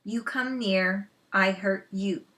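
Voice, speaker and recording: A woman voicing a tiny, fierce grown warrior man who grunts his words slowly and in clipped bits. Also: mid-range voice, pushed and bright. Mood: threatening.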